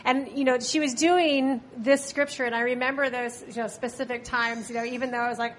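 A woman's voice: fairly high pitch, fairly even intonation, moderate pace. Chatty young woman leading church service. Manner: chatty, upbeat, many "you know" fillers. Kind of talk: sermon and congregational prayer. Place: church sanctuary with congregation. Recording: congregation sounds and faint noise.

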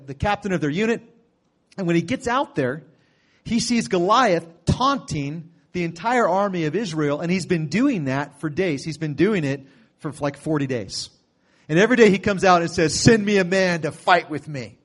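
A man preaching a sermon with a somewhat high voice. He retells the story casually and conversationally, then breaks into sudden loud bursts.

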